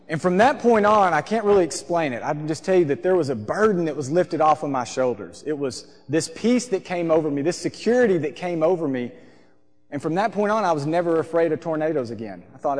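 A man, preaching a sermon from a church stage and telling a lively story. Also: a little high, fairly quick. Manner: storytelling, animated, acts out voices. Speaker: pastor. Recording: long hall reverb.

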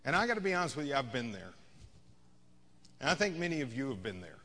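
A man's voice: medium pitch, big pitch swings, fast talker, pushed and bright, long reverb tail. A man preaching a sermon as a pastor, in a conversational style that rises and falls in intensity. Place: church sanctuary.

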